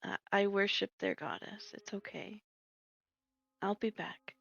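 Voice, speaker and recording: A woman voicing a devoted female prisoner who speaks hushed and tender. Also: medium pitch, fairly even intonation, a little slow, creaky, slight background noise. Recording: dull lo-fi audio.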